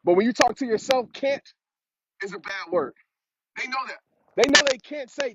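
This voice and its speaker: A motivational speaker with a very high male voice talks at a moderate pace, pausing often, and repeats phrases to press his preachy message. He is outdoors on a road, captured in dull lo-fi audio with a steady, noticeable hiss.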